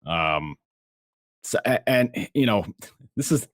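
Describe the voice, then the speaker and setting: A man talking sports as a podcast guest, animated, often restarting and acting out what others said. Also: on the low side, slow, no echo, clean studio sound. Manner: animated, acts out quotes, many restarts. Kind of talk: casual sports chat.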